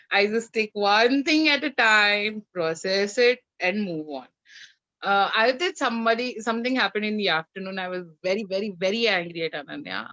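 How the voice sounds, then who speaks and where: A woman guest, a mother and coach, telling a personal story in a candid conversation over a video call, animated and acting out dialogue. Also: medium pitch, dry recording. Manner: animated, recounts with acted-out dialogue and laughs. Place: home. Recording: slightly dull lo-fi sound.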